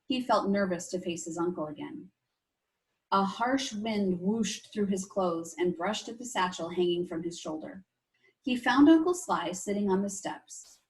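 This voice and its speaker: A woman teacher reading a chapter book aloud to her class, expressive and stopping to explain things to the children. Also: mid-range voice, unhurried, poor audio. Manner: expressive, asides to young listeners.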